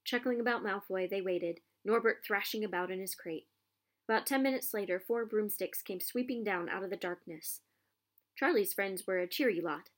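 A woman reading a children's novel aloud with expressive storytelling. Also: medium pitch, moderate pace.

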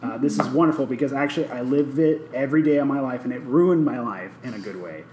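A young man telling a story casually in a group brainstorm, animated and laughing often as he acts out the people he quotes. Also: mid-range voice, fast talker, noisy background. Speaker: participant in a character brainstorm. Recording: echoey room with faint ambience.

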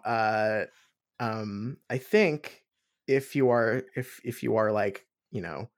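A woman's voice: rumbling low, takes it slowly. A woman co-hosting a podcast, chatting casually with rambling, jokey asides. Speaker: podcast co-host. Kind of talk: casual chat.

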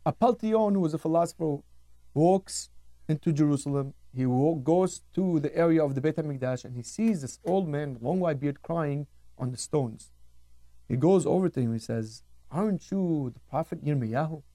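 A man's voice: a little high, normal speed, warm tone, dry recording, studio quality. A man teaching a radio Torah class, telling stories in an emphatic style and repeating words for effect.

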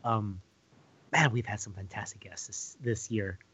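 A man co-hosting a podcast in casual chat, joking and laughing, with halting restarts. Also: on the low side, bright, forceful tone, breathy edge, no room sound. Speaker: podcast co-host. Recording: dull lo-fi sound.

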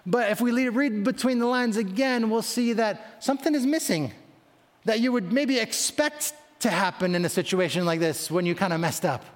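A man with a high voice delivers a sermon, shifting into dramatic voices for the people in his story. His words ring out with a long reverb, as in a large hall. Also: moderate pace. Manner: dramatic, voicing biblical figures in quotes. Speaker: preacher.

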